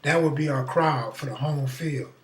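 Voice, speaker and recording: A middle-aged man, host of a live stream, telling a profane, animated story in a casual way and acting out the voices. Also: a little high, normal speed, reverberant, recorded from a distance, slight background noise.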